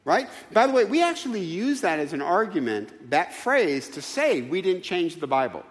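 A man's voice: sits high, big pitch swings, normal speed, in a large hall. A man preaching a sermon in a church, emphatic and full of rhetorical questions. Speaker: pastor. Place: church sanctuary.

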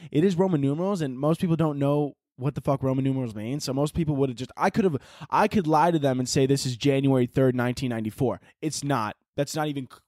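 A man's voice: on the high side, darkish tone, no echo. Young man rambling on his podcast, dry close sound. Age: young adult. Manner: rambling, self-mocking, swears casually. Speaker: podcast host. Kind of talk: casual solo podcast monologue.

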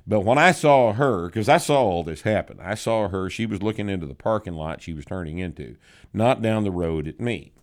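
A man's voice: sits low, expressive, a little fast. A man hosting a podcast, answering listener questions in blunt, profane, joking chat. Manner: blunt, profane, drawling, laughs often. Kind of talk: casual chat.

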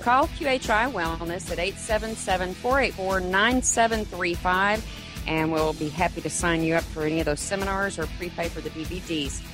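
A woman's voice: fairly low pitch, moderate pace, music in the background. A woman co-hosting a health radio show, speaking emphatically and reading out phone numbers and offers. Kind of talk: casual radio talk and plugs.

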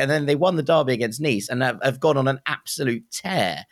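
A man hosting a football podcast in casual chat, lively and quick to act out reactions. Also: mid-range voice, no echo, studio quality. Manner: chatty, acts out reactions in quotes. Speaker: podcast host.

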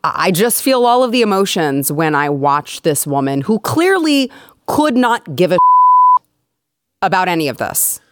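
A woman's voice: lowish voice, sing-song, measured pace, dry recording, clean studio sound. A woman co-hosting a political talk show, speaking in a sarcastic way. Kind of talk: political commentary.

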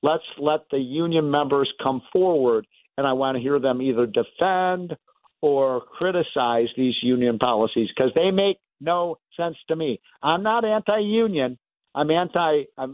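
Animated male talk radio host. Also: fairly high pitch, no room sound. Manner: animated, emphatic, coughs now and then. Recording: dry, phone-like narrow band.

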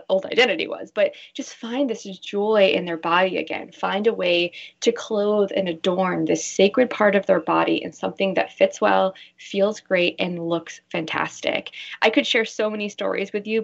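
A woman's voice: medium pitch, gravelly. A woman guest expert on a radio show, talking earnestly and acting out the voices she quotes. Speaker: guest expert, bra fitter. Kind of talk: casual radio interview. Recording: dull lo-fi sound.

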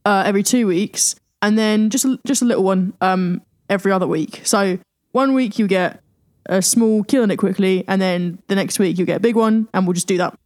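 A woman co-hosting a podcast, relaxed and blunt, with sweary reactions. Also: mid-range voice, fairly quick, no echo. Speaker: podcast co-host. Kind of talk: casual chat.

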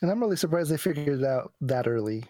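A man's voice: on the high side, animated, fast talker, warm tone, dry recording. A man co-hosting a podcast in casual chat, joking and laughing often. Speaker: podcast co-host.

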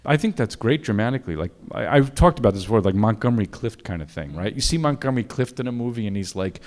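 A man who directs films, talking in an interview and telling self-deprecating anecdotes with halting restarts. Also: lowish voice, expressive. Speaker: film director. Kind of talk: interview conversation.

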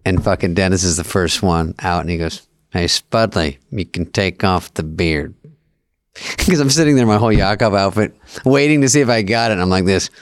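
A man's voice: low-pitched, expressive, fast talker, no echo. A middle-aged man co-hosting a comedy podcast, telling stories in a dry, self-mocking way. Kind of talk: casual comedic chat.

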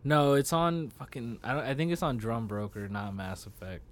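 A man's voice: medium pitch, lively intonation, moderate pace, slight background noise. Slangy young man, casual podcast chat. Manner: slangy, laughs often, swears casually. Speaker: podcast co-host.

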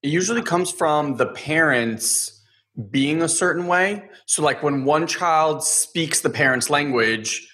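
Male interview host; crisp, bright voice; loose, filler-heavy conversation. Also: a little high, a little slow. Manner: chatty, many "like" fillers. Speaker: podcast host. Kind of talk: casual interview chat.

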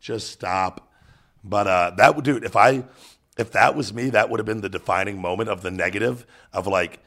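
A man's voice: lowish voice, normal speed, a bit bright. A man hosting a casual podcast, talking bluntly with heavy swearing and motivational rants. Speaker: podcast host.

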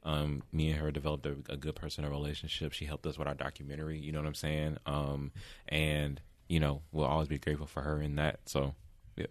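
A man's voice: a bass voice, monotone, fairly quick, no room sound. A man co-hosting a podcast in casual chat, laid-back and full of fillers like "um" and "you know". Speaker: podcast co-host.

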